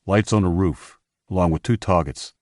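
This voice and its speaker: A man's voice: low voice, normal speed, darkish tone, no echo, clean studio sound, natural voice. A man voicing a military lookout reporting over a radio in clipped protocol. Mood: urgent.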